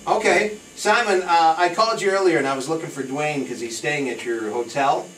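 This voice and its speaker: A man hosting a radio show in casual on-air chat, lively and emphatic, laughing often. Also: fairly high pitch, brisk. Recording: echoey, distant, faint noise.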